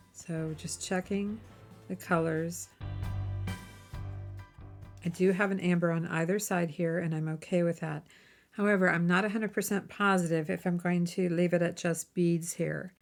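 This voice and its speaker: A woman hosting a jewelry-making tutorial, chatting casually and thinking aloud as she works, with friendly tips along the way. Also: fairly low pitch. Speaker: jewelry-making channel host. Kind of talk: casual how-to demonstration.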